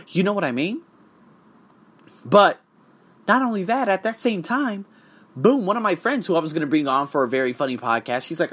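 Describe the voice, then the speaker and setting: Guy vlogging about his coaching biz, swears a lot, fired up and emphatic, voice a bit on the high side. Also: normal speed, pauses often, slightly rough. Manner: profane, emphatic, animated storytelling. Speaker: English test coach. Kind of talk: casual vlog monologue.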